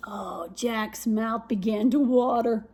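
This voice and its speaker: A woman reading a children's picture book aloud, expressive, with dramatic pauses and whispered asides. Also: on the high side, a little hiss or hum. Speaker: story reader.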